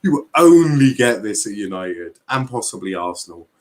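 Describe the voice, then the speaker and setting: A man's voice: lowish voice, big pitch swings, normal speed. A young man hosting a casual football livestream, bantering with chat, swearing and reading transfer news aloud.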